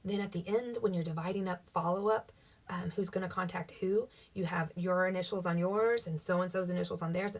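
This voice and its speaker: Brief: low, breathy woman, chatty team-leader coach, mic set back a bit. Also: fairly even intonation, a little fast, a little mellow. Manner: chatty, upbeat, acts out sample dialogue. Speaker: direct-sales team leader coaching her team. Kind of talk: casual instructional talk. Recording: voice somewhat distant from the mic.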